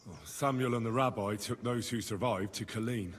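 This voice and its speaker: A grave male messenger from a game, with a husky voice. He reports in a steady, sober way, and the reverberant game audio gives his voice a long tail. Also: on the low side, normal speed.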